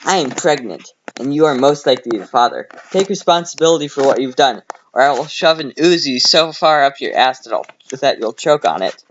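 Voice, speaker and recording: A man's voice: medium pitch, expressive, a little fast, few pauses, a little hiss or hum, close to an everyday voice. A brooding, edgy male hedgehog, played by a man, makes melodramatic threats. The recording sounds a little dull. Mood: angry. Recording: slightly dull home recording.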